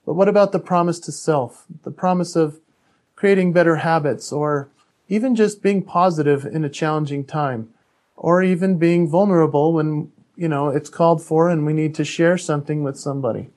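Earnest man with a higher voice. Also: moderate pace, a little mellow. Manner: earnest and candid, with frequent restarts. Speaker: podcast guest, author and speaker. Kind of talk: personal storytelling in a podcast interview.

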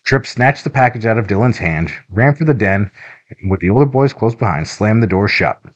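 A man with a very low, deep voice reads a children's adventure book aloud in a steady, even narration. The recording is a little muffled and lo-fi. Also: normal speed. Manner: even, steady storybook reading. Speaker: audiobook narrator. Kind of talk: scripted narration.

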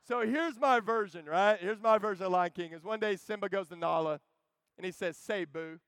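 A man in his thirties preaching a joking, animated sermon that calls out to the crowd. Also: high voice, brisk, clean tone, no echo. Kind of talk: energetic camp sermon.

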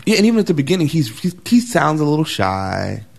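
Man, casual film chat, excitable, gravelly, lively pitch. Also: fast. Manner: excitable, acts out scenes with sudden high-pitched bursts.

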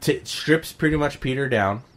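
A man's voice: medium pitch, normal speed. A man co-hosting a casual podcast chat, retelling a comic plot in a heated, profane way. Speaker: podcast co-host.

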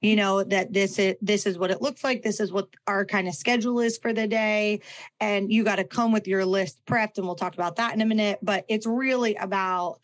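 Woman, podcast co-host, casual chat, lively, acts out quotes. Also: medium pitch, a little fast.

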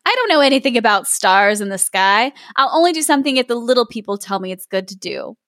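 A woman reading aloud as a fussy, indignant male oyster catcher from a storybook, short-tempered and curt. The voice sits fairly high. It sounds close and dry. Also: lively intonation, quick pace, fairly bright tone, no echo.

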